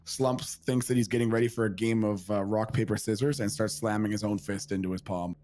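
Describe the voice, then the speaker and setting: A man's voice: fairly low pitch, fairly even intonation, fairly quick, darkish tone. A man playing a tabletop game, casually describing what his character does. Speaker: player.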